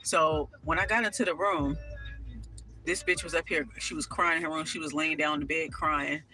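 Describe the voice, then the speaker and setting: A woman telling a personal story in a casual vlog, sassy and animated, swearing freely and full of asides. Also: low voice, moderate pace, slight background noise, poor audio.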